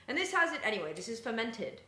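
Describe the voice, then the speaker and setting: A woman's voice: on the high side, very animated, fast talker, sharp tone. A young woman chatting casually with her live-stream chat while she bakes in her home kitchen, often stepping away from the mic. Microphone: streaming setup, often walks away from the mic. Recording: echoey kitchen with faint room noise.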